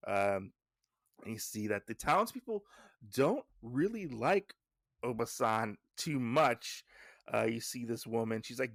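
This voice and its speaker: A man's voice: lowish voice, expressive, normal speed, creaky, a bit bright, no room sound, clean studio sound. A man hosting a podcast, casually recapping a comic issue with lots of fillers and side thoughts. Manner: rambling, filler-heavy, digressive. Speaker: podcast host.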